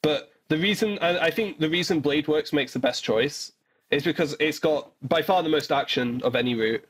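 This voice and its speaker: Excitable stammering man co-hosting. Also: a little high, normal speed, breathy edge. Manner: excitable, stammering restarts, swears often. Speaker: podcast co-host. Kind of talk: casual chat.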